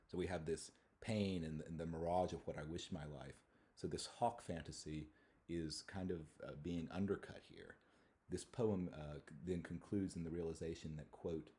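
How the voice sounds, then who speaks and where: A male university lecturer giving a thoughtful academic talk on poetry, often pausing and restarting his phrases. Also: deep voice, fairly even intonation, dark tone. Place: lecture hall.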